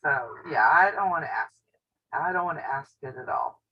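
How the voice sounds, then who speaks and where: A quilting channel host with an extremely low, husky voice and big pitch swings talks at a moderate pace in a drawl. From home, she chats on a casual live stream, telling stories and laughing frequently, captured by a table camera in dull, lo-fi sound.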